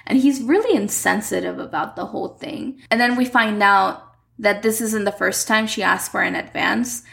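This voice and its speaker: A chatty young woman walks through a telenovela plot in a relaxed recap, leaning on "like" as she goes. Her mid-pitched voice carries a constant gravelly fry. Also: moderate pace. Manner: chatty, uses "like" a lot. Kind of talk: casual story recap.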